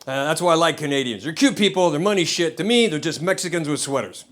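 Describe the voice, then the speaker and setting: Profane comedian, slightly high voice. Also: male voice, animated, fast, background noise. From United States. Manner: profane, rambling storytelling with chuckles. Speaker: stand-up comedian. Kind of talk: stand-up comedy set. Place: comedy club stage.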